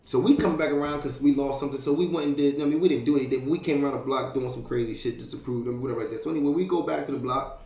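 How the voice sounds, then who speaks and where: A young man tells a story in a loose, streetwise way, swearing freely and filling the gaps with sound effects and checks on his listener. His voice sits at an ordinary middle pitch. The room around him rings with a clear echo. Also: very fast. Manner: streetwise, profane, animated, fillers like "you know what I mean". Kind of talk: casual storytelling.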